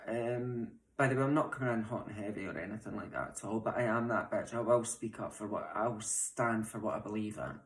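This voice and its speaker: A young transgender woman with a Scottish accent, making an impassioned, frustrated appeal straight to camera from her home, blunt and swearing at times. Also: extremely low pitch. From Scotland. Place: home, room mid-move. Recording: roomy echo.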